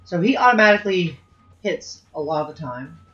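A man's voice: high-pitched, expressive, fairly quick, fairly bright tone, highs cut off, faint music behind. Chatty man playing a video game. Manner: chatty, thinking aloud and swearing at the game. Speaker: let's play host. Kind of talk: casual gameplay commentary.

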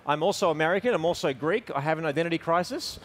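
A man's voice: a little high, lively intonation, fast. A man with an Australian accent, a photographer speaking on a stage panel, upbeat and joking. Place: event stage before a crowd.

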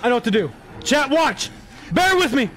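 A young man giving jokey, profane live commentary while playing a horror game, yelping and shouting when startled. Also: very high-pitched, big pitch swings, moderate pace, slight background noise.

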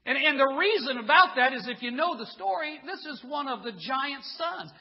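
High-pitched pastor guy preaching, acts out the story, long church echo, kinda muffled. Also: fairly quick, hardly any pauses. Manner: animated storytelling, acts out voices. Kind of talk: sermon.

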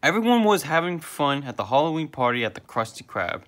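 A man's voice: fairly high pitch, sing-song, fairly quick, fairly bright tone. A young man reviewing a children's book, reading aloud casually with frequent restarts and fillers. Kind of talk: casual read-aloud and chat.

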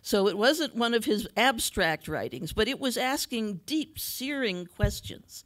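A woman's voice: fairly high pitch, animated, measured pace, fairly bright tone. A woman moderating a panel forum, speaking in a conversational, thoughtful way. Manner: conversational, thoughtful, with light laughter. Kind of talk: panel discussion remarks.

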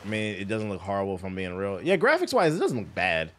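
A man's voice: fairly low pitch, big pitch swings, fast, slight background noise. A man giving casual, profane, joking commentary while playing a video game on stream. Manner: loose, profane, laid-back joking.

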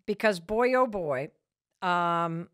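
Lively, animated woman podcast host. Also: on the low side, slow pace, clear, resonant tone, no echo, studio quality. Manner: animated storytelling with frank candor. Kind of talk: motivational podcast talk.

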